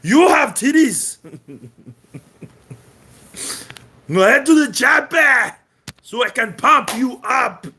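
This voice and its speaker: A man doing an impression of a brash, boastful bodybuilder action star who shouts his lines. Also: medium pitch, sing-song, racing, creaky, few pauses, a little hiss or hum, full character voice. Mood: boasting.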